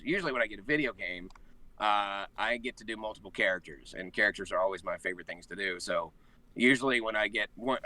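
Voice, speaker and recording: A man who works as a voice actor, chatting as an interview guest, animated and chuckling as he tells stories about his work. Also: low-pitched, recorded from a distance. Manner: animated, chuckles while telling anecdotes. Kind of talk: casual interview chat.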